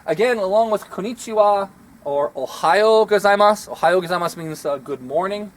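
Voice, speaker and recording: A man's voice: high-pitched, brisk. A man, a martial arts instructor giving a rambling, self-deprecating outdoor lesson. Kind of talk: casual instructional talk.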